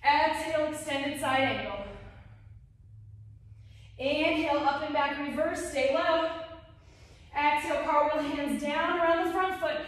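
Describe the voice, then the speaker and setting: Woman, yoga teacher, high voice, out of breath, short breath cues, far from the mic. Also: measured pace, long pauses. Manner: brief breath-timed cues while doing the moves herself. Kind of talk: live yoga class cueing. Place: home room, livestreamed class. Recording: echoey room, voice from far off.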